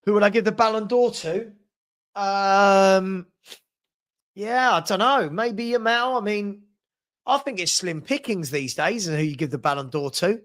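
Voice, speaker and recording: A man's voice: high-pitched, a little slow, fairly bright tone. A man hosting a live match watchalong, calling the play in a casual way and chatting with viewers about their comments. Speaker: watchalong host.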